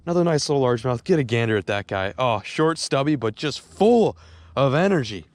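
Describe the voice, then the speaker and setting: A young man filming a fishing vlog on a riverbank, talking excitedly and stammering when a fish bites. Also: medium pitch, fairly quick. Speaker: fishing vlogger. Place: outdoors on a river bank.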